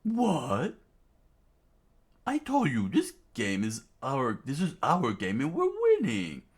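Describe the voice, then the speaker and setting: A man's voice: medium pitch, huge pitch swings, slow pace, breathy edge, pitched above the performer's own voice, heavily acted. A man voicing a cruel fishman pirate captain, mocking and gloating, while reading a manga aloud.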